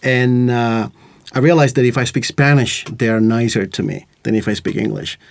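A man's voice: mid-range voice, fairly even intonation, moderate pace, creaky. A man co-hosting a podcast in casual, joking chat, sometimes swearing. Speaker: podcast co-host. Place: recording studio.

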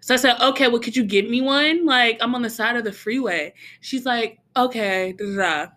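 Bright-voiced young woman telling a story. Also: a little high, a little fast. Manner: animated, laughs often while acting out her own reactions; heavy use of "like" and "bro". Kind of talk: casual storytelling chat.

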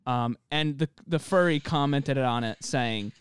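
A man's voice: mid-range voice, measured pace, smooth. A man in his twenties co-hosting a podcast in casual chat, laughing often and swearing casually. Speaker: podcast co-host.

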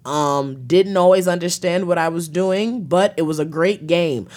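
A woman's voice: on the low side, a little slow, a little mellow. A woman hosting a podcast, ranting bluntly with plenty of profanity. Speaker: podcast host. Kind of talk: profane comedic rant.

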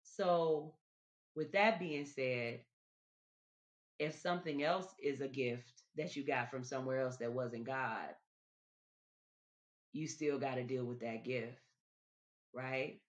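A woman's voice: very deep voice, takes it slowly, long pauses. A woman hosting a podcast, talking to listeners in a casual, reflective monologue, often repeating her words as she goes. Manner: chatty, repeats words, addresses listeners directly. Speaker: podcast host. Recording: dull lo-fi recording.

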